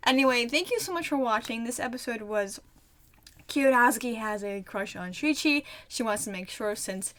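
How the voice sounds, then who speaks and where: A woman's voice: on the high side, expressive, normal speed, fairly bright tone. A young woman chatting casually as she reacts to an anime episode, giggling often and trailing off into fillers. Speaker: anime reaction channel host.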